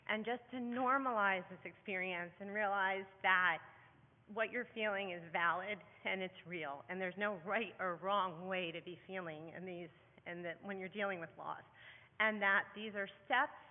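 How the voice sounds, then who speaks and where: A woman speaks earnestly to a room of parents at a conference, often pausing on ums and restarting her sentences. Her voice rings out with the long reverb of a large hall, and the sound is thin and narrow, like a phone line. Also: medium pitch. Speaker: parent speaker at a heart-condition symposium. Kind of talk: conference talk.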